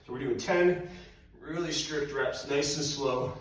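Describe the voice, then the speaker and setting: Slow and somewhat high-voiced, this man is far from the mic in a very echoey room at home. He's a personal trainer demonstrating moves and breathlessly calling out workout instructions as he goes.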